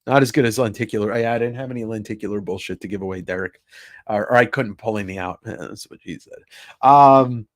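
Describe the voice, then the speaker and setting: A man's voice: fairly low pitch, fairly quick, no room sound, studio quality. A man hosting a casual live stream, chatting with his viewers, reacting to their comments, laughing and swearing freely. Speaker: livestream host.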